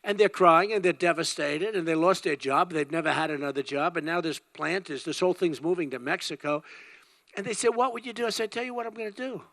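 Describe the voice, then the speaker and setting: A man's voice: fairly high pitch, a little fast, a bit bright, no room sound. An older man giving an emphatic, rambling campaign rally speech, repeating his phrases over and over. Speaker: political candidate.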